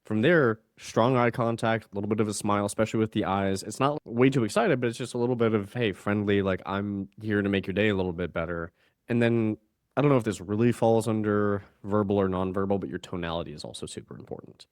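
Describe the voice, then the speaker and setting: A male communication coach on a podcast with a fairly low voice, talking emphatically and swinging his delivery up and down as he acts out quoted voices. He comes across as energetic and sure of himself, in a casual register. The sound is dry and close-miked. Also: quick pace, dry recording.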